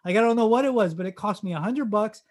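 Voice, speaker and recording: A man from Canada telling a story in casual chat, acting out the dialogue and bursting into loud excited shouts. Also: high-pitched, fast.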